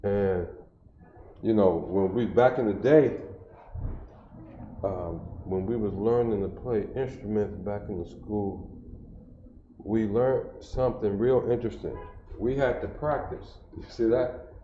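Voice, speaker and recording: A man's voice: lowish voice, slow pace, long pauses, a little hiss or hum. A middle-aged man teaching a class, repeating points in a call-and-response cadence. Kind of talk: classroom-style instruction, livestreamed. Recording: echoey room, dull lo-fi stream audio.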